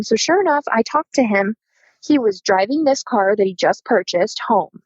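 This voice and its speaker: Animated woman telling a story. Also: a little high, normal speed, husky, no echo, muffled recording. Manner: animated, acts out quoted dialogue. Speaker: podcast guest. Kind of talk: casual storytelling.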